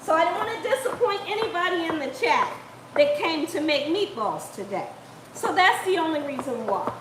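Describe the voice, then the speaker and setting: A woman's voice: very high-pitched, animated, normal speed, reverberant, background noise. A woman hosting a live cooking stream, chatty and laughing often as she reads the chat aloud. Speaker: cooking channel host. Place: home kitchen.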